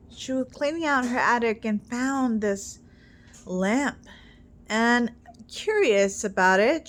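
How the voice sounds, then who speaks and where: A woman casually telling a joke she heard, halting with fillers and restarts as she goes. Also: a little high. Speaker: storyteller.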